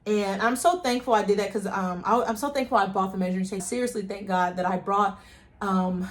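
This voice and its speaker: A woman who runs a small craft business, excitedly retelling a market day story in a casual vlog and acting out the quotes. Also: medium pitch, fairly quick. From Ohio. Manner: gushing, animated retelling with acted-out quotes. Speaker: small business owner vlogging.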